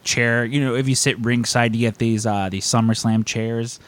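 A man in the middle of his pitch range spins a long anecdote for his guests. He talks casually and animatedly, slipping into exaggerated voices for the people in the story. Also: normal speed. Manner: animated, acts out quoted voices. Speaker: podcast host.

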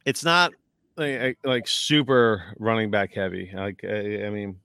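A man chatting casually as a podcast host, telling a story in an excitable, profane way and often trailing off mid-sentence. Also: lowish voice, a little slow, gravelly, clear, resonant tone, dry recording. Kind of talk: casual chat. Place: at home.

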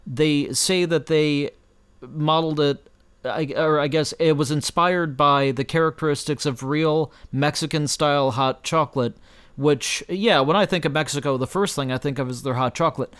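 A man's voice: a little high, fairly even intonation, a bit bright, smooth. A man giving a casual spoken beer review, stumbling through restarts and fillers as he searches for words. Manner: halting, many restarts and fillers.

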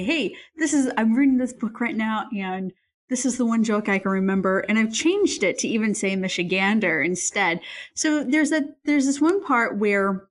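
A woman in casual conversation, an animated storyteller who laughs often while recounting a book. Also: medium pitch.

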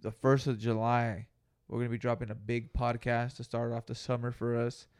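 A man's voice: medium pitch, completely flat delivery, moderate pace, darkish tone, smooth. A young man co-hosting a podcast, telling a story in a laid-back, slangy way with heavy swearing. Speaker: podcast co-host. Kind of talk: casual storytelling chat.

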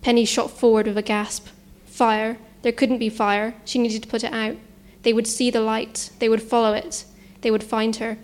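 A woman narrating a suspense story in a measured, tense manner. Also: a little high, flat delivery, darkish tone.

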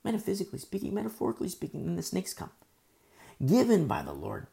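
A middle-aged woman teaching a Bible study sermon in an informal, conversational way. She repeats key phrases and stammers when she gets excited. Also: fairly low pitch, fast, vocal fry.

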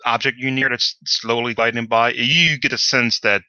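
Bright-voiced man running a tabletop game. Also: mid-range voice, fairly even intonation, moderate pace, dry recording, poor audio. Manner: hesitant, many fillers. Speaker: game master.

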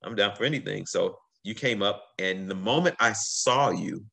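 A middle-aged man, a guest on a podcast, telling stories in a casual, animated way, swearing freely and acting out what people said. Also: fairly low pitch, normal speed, gravelly. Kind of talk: casual storytelling.

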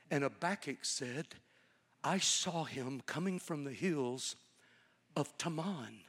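A man preaching a storytelling sermon, folksy and conversational, swelling into a fervent preaching cadence. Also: fairly high pitch. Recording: long reverb of a large hall.

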